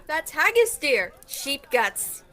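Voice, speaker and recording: A woman's voice: high voice, big pitch swings, slow pace, bright, forceful tone, heavily acted. A teenage girl playing a chatty, teasing young Viking woman in a school radio play. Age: teens.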